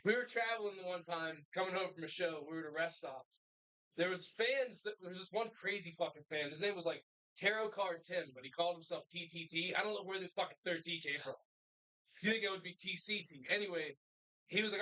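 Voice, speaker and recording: A man's voice: high voice, brisk, sharp tone, low-quality recording. A man telling a crude road-trip anecdote in a profane, laughing way. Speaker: wrestler guest. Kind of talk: storytelling banter.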